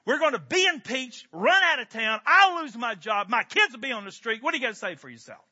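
A stern royal advisor berates his king in a loud, forceful voice, as a man acts him out. The voice is high and very bright. The recording is dull and lo-fi. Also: wildly swooping pitch, very fast, husky, heavily acted. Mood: scolding.

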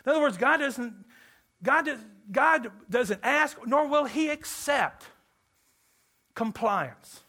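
A man from Kentucky preaching a sermon to a church congregation, animated and joking with the listeners. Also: very high voice, takes it slowly. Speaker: pastor.

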